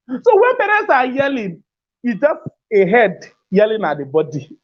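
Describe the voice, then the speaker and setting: Husky woman preaching on parenting. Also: mid-range voice, very animated, moderate pace. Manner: emphatic and preachy, repeats key phrases, laughs between points. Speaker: parenting speaker. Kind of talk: motivational talk to parents. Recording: dull lo-fi recording.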